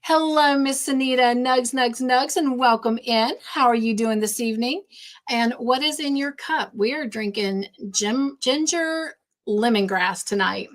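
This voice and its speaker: A woman hosting a casual live stream, warmly greeting chat viewers by name and chatting between tasks. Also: on the high side, a little slow. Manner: warm, effusive greetings to chat viewers, easily sidetracked. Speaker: livestream host.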